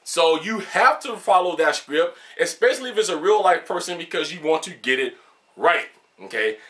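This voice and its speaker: Game-review vlogger, male, bright forceful voice, emphatic and candid, off the cuff. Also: fairly high pitch, lively intonation, normal speed. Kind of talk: unscripted talk to camera.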